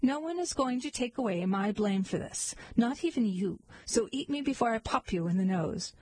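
A woman's voice: fairly high pitch, lively intonation, normal speed, dark tone, slightly rough, dry recording, low-quality recording. A woman voicing a huge, stubborn male goat with an insistent, combative manner.

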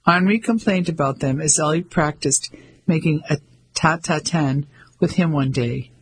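A man giving measured scripted narration of an audiobook. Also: on the high side, a little hiss or hum, poor audio. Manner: measured storytelling.

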